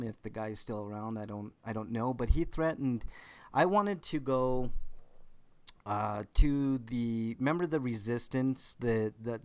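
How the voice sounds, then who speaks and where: A man in a casual podcast argument, his voice at an ordinary middle pitch. He talks in bursts, repeats his first words and jumps back in over others. The sound is dry and close, with no room around it. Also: darkish tone, no room sound. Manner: interrupts often, stammers and restarts. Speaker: podcast co-host. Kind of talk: casual heated debate.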